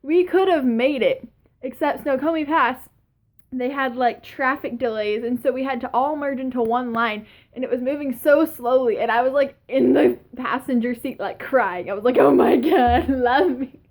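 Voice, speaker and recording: Young woman vlogger, high-pitched, gushing and breathless, rambling fan story. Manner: excited, gushing, fast-talking with many "like"s and laughs. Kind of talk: casual vlog storytelling.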